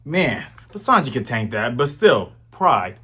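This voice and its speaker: Animated man in his thirties reviewing manga. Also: mid-range voice, measured pace, breathy edge. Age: 30s. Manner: animated, slangy, chatty. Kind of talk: casual commentary.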